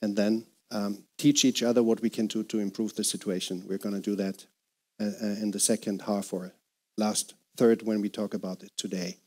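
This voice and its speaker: A man's voice: fairly low pitch, level tone, moderate pace, warm tone. A man from Germany moderating a group discussion, chatty and friendly, laughing as he talks.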